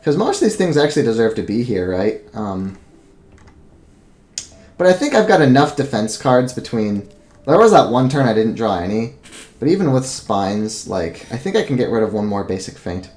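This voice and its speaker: A man's voice: mid-range voice, sing-song, normal speed, darkish tone. A man giving casual let's play commentary, thinking aloud and swearing freely as he plans his moves. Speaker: gameplay commentator.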